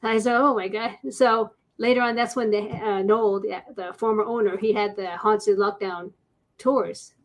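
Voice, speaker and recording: A woman's voice: medium pitch, steady tone, moderate pace. A woman guest on an interview show, a paranormal investigator telling stories in a chatty way and acting out the voices of people she quotes. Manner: chatty, acts out quoted voices, laughs often. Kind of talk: casual storytelling interview.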